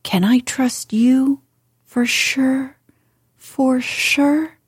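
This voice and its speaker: Solemn earnest girl, imploring, read by a woman, husky and hushed. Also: high voice, steady tone, drawn-out words, dry recording, clean studio sound, voice pushed up, exaggerated voice. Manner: earnest, pleading.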